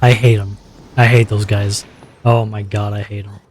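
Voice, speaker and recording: A man streaming a game, rambling in a relaxed, self-conscious way with a slightly sore throat. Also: on the low side, normal speed. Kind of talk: casual gameplay chat.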